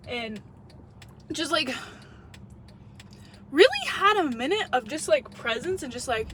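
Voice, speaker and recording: Woman vlogger, high voice, casual, profane and effusive, noisy outdoor street recording. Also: big pitch swings, unhurried, long pauses. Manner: gushing, profane, lots of "like". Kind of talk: casual chat.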